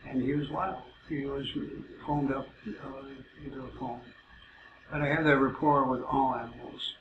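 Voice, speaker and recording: Man, casual storyteller, halting and rambling, gravelly flat delivery, muffled noisy roomy recording. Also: mid-range voice. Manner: rambling, many "uh" fillers, halting. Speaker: self-described psychic telling stories.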